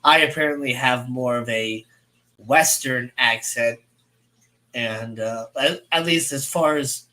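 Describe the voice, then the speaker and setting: A man's voice: mid-range voice, slow pace, bright, forceful tone. A man in his thirties from St. Louis, Missouri, co-hosting a casual livestream, rambling with many fillers and laughing often. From United States. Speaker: co-host.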